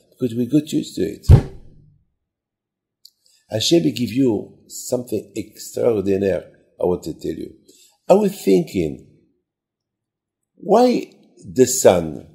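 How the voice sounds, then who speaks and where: A man giving a sermon in simple, halting speech, often repeating words and asking rhetorical questions. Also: lowish voice, vocal fry, dark tone.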